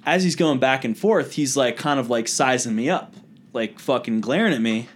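A young man on a casual podcast, telling a story in an animated way, acting out the voices and swearing freely. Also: medium pitch, moderate pace, slight background noise.

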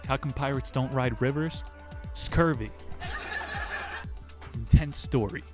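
A man's voice: mid-range voice, slow pace, music in the background. A man hosting a book podcast, brash and crude, cracking corny jokes and swearing between passages he reads aloud. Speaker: podcast host reviewing books.

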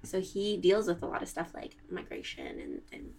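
A woman's voice: on the low side, wildly swooping pitch, normal speed, creaky, darkish tone. A woman from Canada whose first language is French, chatting casually and laughing often. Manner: laughs often, says "like" a lot. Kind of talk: casual conversation.

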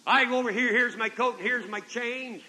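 A man's voice: extremely high pitch, normal speed, pushed and bright. An older man preaching a revival sermon, telling a folksy story and calling out amen and brethren, in a 1970s convention hall recording.

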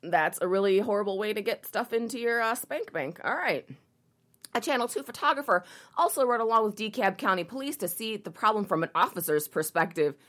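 A woman's voice: medium pitch, expressive, a little fast, fairly bright tone. A woman reading a news article aloud and breaking off into sarcastic, indignant, profanity-laced rants. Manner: sarcastic, indignant, swears a lot, reads quotes aloud then rants. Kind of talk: casual commentary video.

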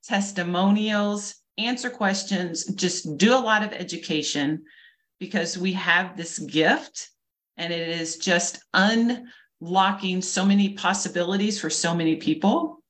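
A woman's voice: on the low side, unhurried, fairly bright tone. A woman in her fifties from Kentucky, introducing herself with enthusiasm as a nurse co-hosting a health podcast. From Louisville, Kentucky. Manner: upbeat, enthusiastic. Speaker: nurse and nutrition coach co-host.

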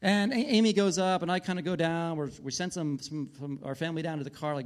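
A man's voice: a little high, fast talker, hardly any pauses. A man, a pastor in his thirties with a wife and kids, preaching a sermon in a conversational storytelling way, full of restarts and asides.

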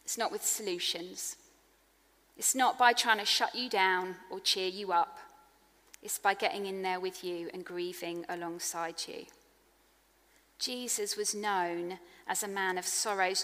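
A woman preaching a sermon in an earnest, personal way, growing hushed on tender points. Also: medium pitch, fairly even intonation, a little slow. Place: church hall. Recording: long echo of a large hall.

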